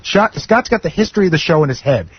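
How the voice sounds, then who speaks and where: Fast, earnest man on radio. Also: a little high, very animated, breathy edge. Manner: earnest, defensive, rapid. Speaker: radio show staffer. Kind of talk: radio talk show banter. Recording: muffled lo-fi radio broadcast.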